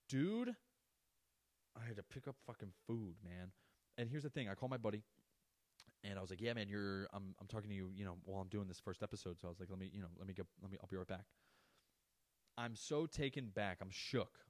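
Brief: young male podcaster, low voice, dry close sound, swears a lot while ranting through a story. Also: no echo. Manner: profane, ranting, animated. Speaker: podcast host. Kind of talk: casual storytelling monologue.

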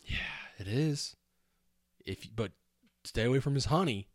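A man's voice: mid-range voice, animated, measured pace, no room sound, studio quality. A man co-hosting a casual talk show, wry and laid-back as he ranks things and quizzes his friend. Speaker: podcast co-host. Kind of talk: casual banter.

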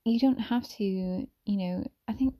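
A woman talking softly as a mother sharing reflections, drifting often into whispers and meandering with many fillers and restarts. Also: medium pitch, measured pace. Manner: soft, gentle, slipping into whispers. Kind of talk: soft-spoken ASMR talk.

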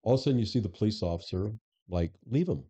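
A former police chief as a podcast guest, telling stories in casual conversation with frequent restarts. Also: male voice, fairly low pitch, fast talker, husky. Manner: animated storyteller who acts out quoted dialogue, frequent restarts. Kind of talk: casual interview storytelling.

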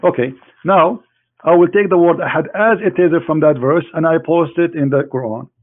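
A man whose voice runs on the high side talks at normal speed over a tinny phone line. Debating religion with a caller as host, he mocks, teases, and repeats phrases for emphasis.

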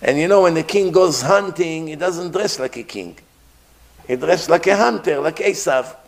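A man giving a sermon who tells a story, slowly and emphatically, repeating his phrases. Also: fairly high pitch, gravelly.

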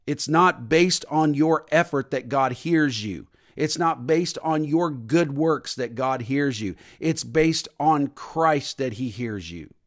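A man preaching a sermon, stressing points with repetition and dropping to a soft voice at times. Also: mid-range voice. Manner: preaching with emphatic repetition and sudden soft drops. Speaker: pastor.

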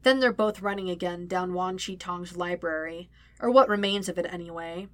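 A woman's voice: fairly low pitch, normal speed, a bit bright, dry recording. Woman narrating a story, dry close sound. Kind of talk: audiobook-style fan fiction reading.

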